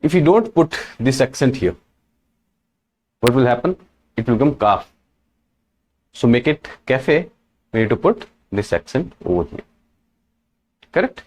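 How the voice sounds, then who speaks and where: A man teaching French in a slow explanatory lesson, often checking in with "right?" and "correct?". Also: mid-range voice, very animated, a little mellow.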